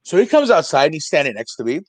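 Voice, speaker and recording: A young man telling a profane, animated story on a podcast, acting out the people in it. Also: on the high side, quick pace, breathy edge, no room sound. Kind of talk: casual storytelling with acted quotes.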